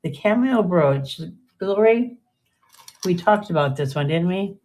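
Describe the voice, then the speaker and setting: A woman's voice: on the low side, animated, a little slow, a little mellow. An older woman chatting casually and rambling through a live jewelry sale, often trailing off mid-sentence. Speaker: live-stream jewelry seller.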